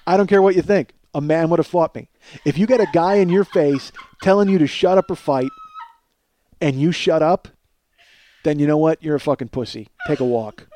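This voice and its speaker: A man's voice: a little high, normal speed, warm tone, slight background noise. A man in his forties telling a long personal story in a casual, profane way, often laughing as he talks. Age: 40s. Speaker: podcast storyteller.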